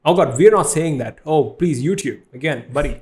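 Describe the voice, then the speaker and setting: A man from India hosting a relaxed podcast, speaking English with an Indian accent in a slightly raised voice. He jokes, teases and laughs easily as he chats. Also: on the high side, fast talker, a crowd in the background. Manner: joking, animated, laughs often. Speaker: podcast host, art teacher. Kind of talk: casual podcast chat.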